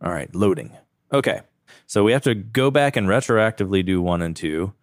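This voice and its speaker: A deep-voiced man co-hosts a laid-back podcast, joking while he sips and rates whiskey. His voice sits low, and the sound is dry and close to the mic. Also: a little fast, no room sound. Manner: relaxed, joking, rating whiskey aloud. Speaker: podcast co-host. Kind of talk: casual chat.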